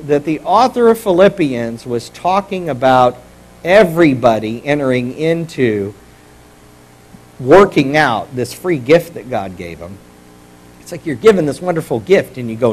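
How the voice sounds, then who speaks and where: Lively, husky-voiced male pastor preaching. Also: medium pitch, measured pace, low-quality recording. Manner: conversational, jokey preaching. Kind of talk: sermon.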